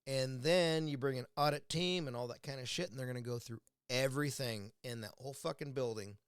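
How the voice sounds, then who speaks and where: A man's voice: medium pitch, fairly quick, clean tone, dry recording, studio quality. A man from the United States delivers a blunt, profane political rant at home over a beer. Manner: angry, blunt, swears constantly. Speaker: vlogger. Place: indoors at home, drinking a beer.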